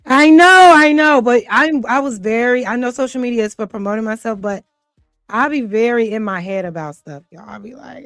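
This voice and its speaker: A woman's voice: a little high, expressive, moderate pace, long pauses, fairly bright tone, no room sound, soft background music. A woman hosting a casual livestream, chatty and flustered, often laughing as she talks to her audience. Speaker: livestream host. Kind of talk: casual chat to a live audience.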